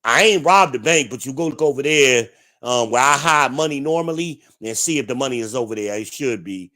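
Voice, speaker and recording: A man's voice: mid-range voice, fairly quick, bright, forceful tone. A man from New Jersey hosting a livestream, ranting to his chat in a blunt, profane, combative way. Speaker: livestream host. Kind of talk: ranting live-chat commentary.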